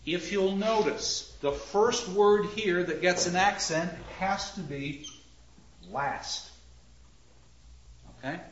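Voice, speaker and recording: A man lecturing on literature, theatrical and animated, drawing out quoted lines slowly and with heavy emphasis. His voice sits a bit high for a man. The sound is dull and lo-fi, echoing around a lecture room. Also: a little hiss or hum.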